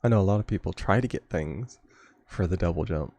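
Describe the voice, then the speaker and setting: Laid-back streamer guy, dark mellow voice with some fry, chuckles a lot as he plays. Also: low-pitched, brisk. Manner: rambling, chuckles often. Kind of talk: casual gameplay chat.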